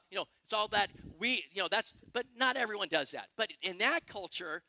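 A middle-aged male pastor preaching a sermon, excitable and animated, firing questions at the congregation. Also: sits high, no room sound. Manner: excitable, quick bursts, asks the congregation questions.

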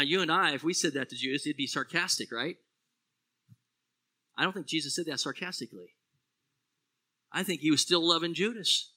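A man delivering a sermon as pastor, with a fairly high, very bright and forceful voice. He preaches with animation, rising to loud exclamations and dropping to quiet, low phrases. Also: normal speed, pauses often.

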